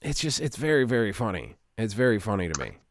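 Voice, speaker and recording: A man co-hosting a podcast in casual chat, telling stories in an animated, profane way. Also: lowish voice, fast talker. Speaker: podcast co-host.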